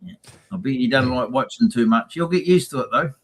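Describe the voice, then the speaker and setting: A man's voice: medium pitch, expressive, fairly quick, rough recording. A man, a racing team guest, chatting casually and acting out quotes in his stories. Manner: chatty storyteller, acts out quotes. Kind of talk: casual chat.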